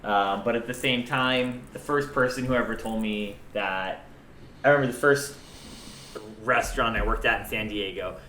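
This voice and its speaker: A young man with a lowish voice talks through a casual interview in a loose, rambling way, swearing freely as he goes. The room is echoey, with a faint hiss under him. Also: moderate pace, bright, forceful tone. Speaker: chef and restaurant owner, guest.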